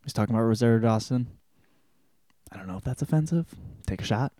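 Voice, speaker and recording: A man's voice: mid-range voice, expressive, quick pace, warm tone, dry recording, studio quality. A rambling, profane man recapping a book. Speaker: podcast host. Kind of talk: casual spoken book report.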